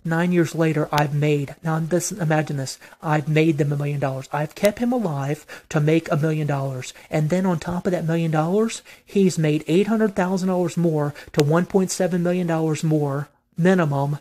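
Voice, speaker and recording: A vlogger rants straight to camera in a venting monologue, heated and profane. The speech circles back over the same complaints again and again. It sounds aggrieved and insistent, pitched in a middling range. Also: steady tone, normal speed, hardly any pauses, dark tone.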